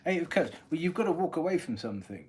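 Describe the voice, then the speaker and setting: A man giving a live-stream tarot reading, thinking aloud as he draws cards and often clearing his throat. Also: a little high, very animated, fast, darkish tone, a little hiss or hum. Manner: musing aloud while drawing cards, frequent throat-clearing. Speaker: tarot reader.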